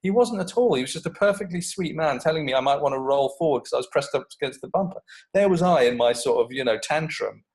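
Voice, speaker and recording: A man, a creativity coach, telling an animated story and swearing freely in a casual podcast interview. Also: fairly high pitch, quick pace, low-quality recording.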